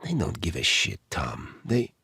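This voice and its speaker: A man's voice: deep voice, huge pitch swings, measured pace, gravelly, pushed and bright, breathy edge, no room sound, studio quality, voice pushed down, heavily acted. A male narrator voicing a woman in her thirties with a light Eastern European accent, teasing but guarded. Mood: tense. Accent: light Eastern European (acted).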